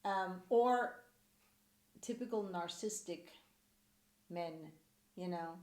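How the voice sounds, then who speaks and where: A woman's voice: fairly low pitch, takes it slowly, long pauses, a little mellow. A woman co-hosting a podcast in casual chat, blunt and swearing freely, with lots of fillers and restarts. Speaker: podcast co-host. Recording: echoey room.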